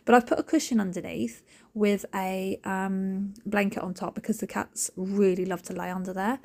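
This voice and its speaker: A woman, rambling in a jokey, animated way as she talks over her cleaning video. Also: mid-range voice, vocal fry. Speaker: cleaning vlogger. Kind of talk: chatty voiceover.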